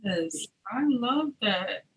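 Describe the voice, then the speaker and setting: A woman hosting a casual podcast interview, animated and quick to laugh, often restarting her sentences. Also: on the high side, poor audio. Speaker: podcast host.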